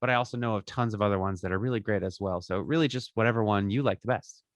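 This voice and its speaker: A man's voice: fairly low pitch, rapid-fire, no echo, clean studio sound. A man as a podcaster guest, giving upbeat, chatty advice and tagging his points with "right?". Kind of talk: casual interview advice.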